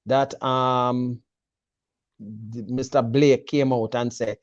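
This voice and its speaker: A man's voice: medium pitch, level tone, slow pace, dry recording, lo-fi sound. A man with a Jamaican accent in a casual sports chat, confidently breaking down a team selection and mixing patois with English. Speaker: football pundit.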